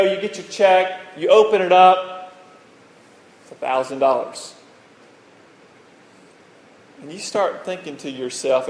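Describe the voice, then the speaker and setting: Pastor preaching in an echoey hall. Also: male voice, fairly high pitch. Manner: conversational storytelling, often asks "right?". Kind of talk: sermon. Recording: echoey hall with long reverb.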